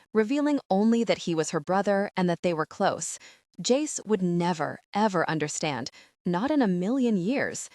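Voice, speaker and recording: A woman's voice: fairly low pitch, no room sound, clean studio sound. Woman narrating a romance audiobook.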